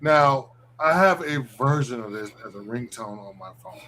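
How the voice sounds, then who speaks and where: A man's voice: mid-range voice, lively intonation, normal speed, pushed and bright, slight background noise, low-quality recording. A man hosting a live stream, reacting to clips with playful jokes in a casual chat.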